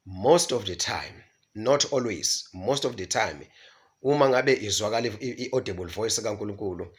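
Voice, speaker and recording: A man's voice: lowish voice, expressive, moderate pace. A man teaching from the Bible, often stumbling and repeating syllables as he mixes in English words. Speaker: preacher.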